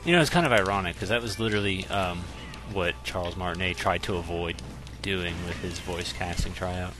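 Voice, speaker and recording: A man's voice: sits low, brisk, music in the background. A man bantering casually while playing a video game with friends, joking, laughing and swearing freely. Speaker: gaming commentator.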